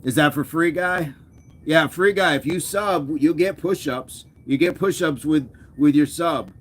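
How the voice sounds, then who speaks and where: Brief: male fitness stream host, light higher-pitched voice, playful teasing banter with chat. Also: unhurried. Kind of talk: casual live chat with viewers.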